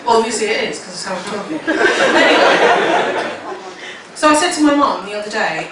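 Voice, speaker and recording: A woman's voice: mid-range voice, lively intonation, moderate pace, far from the mic. Swearing woman doing stand-up, heard from afar. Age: 30s. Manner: swearing, rambling, self-mocking delivery. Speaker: stand-up comedian. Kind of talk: stand-up comedy set. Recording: echoey room from afar, loud crowd. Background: laughing audience, noise.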